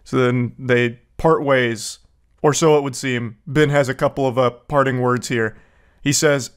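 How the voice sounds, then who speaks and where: A man's voice: mid-range voice, steady tone, measured pace, clean tone. A man hosting a commentary video who reacts in a sarcastic, incredulous way, reading out messages with blunt profanity. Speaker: commentary host.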